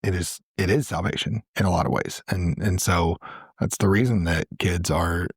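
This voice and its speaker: Deep, husky man hosting a church interview. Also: steady tone, moderate pace, no echo, studio quality. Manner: affirming, repeats words and restarts while explaining. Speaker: church podcast host, interviewer.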